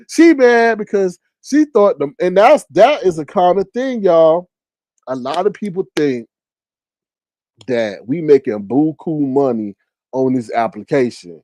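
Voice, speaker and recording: A man hosting a casual livestream commentary, his voice swooping widely as he reacts. He talks in an animated, exclamatory way and laughs often. The sound is dry and close. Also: a little high, dry recording, low-quality recording.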